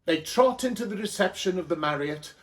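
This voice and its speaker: A Welsh man reads a cheeky comic story aloud. His voice sits fairly high for a man. He delivers it with a playful, mischievous manner. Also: lively intonation, a little fast. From Wales.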